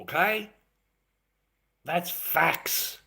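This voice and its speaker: A man rants on a livestream in a blunt, profane way, hammering the same points and calling his viewers mate. His voice sits a little higher than most men's. He talks straight at his audience like a host holding the floor. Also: very animated, extremely slow, gravelly, sharp tone. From Australia. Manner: repetitive, addresses viewers as mate. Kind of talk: livestream rant.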